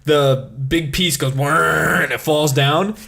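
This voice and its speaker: A young man co-hosting a podcast in casual chat, excitable and prone to loud imitations of game sounds. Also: on the high side, a little slow. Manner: excitable, mimics game sounds and voices loudly. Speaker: podcast co-host.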